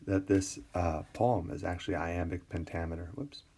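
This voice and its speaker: A man teaching an English class in a screencast lecture, relaxed and full of fillers and restarts. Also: sits low, moderate pace, a little hiss or hum. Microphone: tablet recording.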